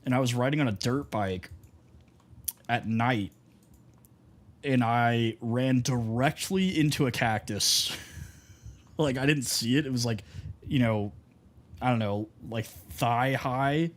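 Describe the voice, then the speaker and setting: A man's voice: mid-range voice, slow, pauses often. Rambling young man telling stories. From Texas. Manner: rambling storyteller, heavy on fillers. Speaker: streamer. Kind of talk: casual chat while gaming.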